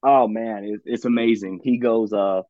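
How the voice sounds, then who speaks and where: Low-voiced man on a tinny line. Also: steady tone, normal speed, dark tone, no echo. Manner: enthusiastic, says "man" a lot. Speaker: podcast host. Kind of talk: casual conversation. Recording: dry, tinny phone-like line.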